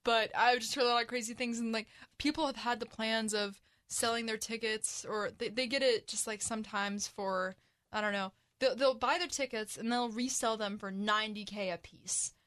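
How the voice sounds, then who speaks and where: A woman hosting a school radio show, chatting casually and reading a sports update with upbeat, drawn-out emphasis. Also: on the high side, fairly even intonation, fairly bright tone.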